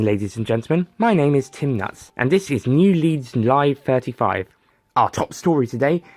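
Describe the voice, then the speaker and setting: Man playing a brisk TV news anchor. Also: mid-range voice, no room sound, natural voice. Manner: fast, formal newsreader delivery.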